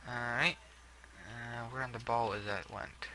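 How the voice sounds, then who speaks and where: A man's voice: medium pitch, steady tone, a little slow, bright, forceful tone, a little hiss or hum, poor audio. A young man giving casual, rambling gameplay commentary, often trailing off and putting himself down. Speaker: gameplay video host.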